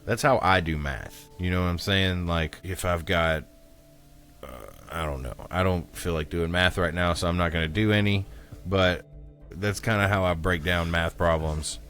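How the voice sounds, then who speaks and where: Deep-voiced, crude, joking man. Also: fairly even intonation, moderate pace, a bit bright, faint music behind. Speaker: podcast co-host. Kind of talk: casual chat.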